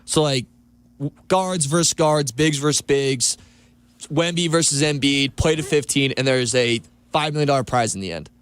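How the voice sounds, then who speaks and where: A man on a sports talk radio show, eagerly pitching and defending his own idea. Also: moderate pace, smooth, dry recording. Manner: eager, enthusiastic pitching ideas.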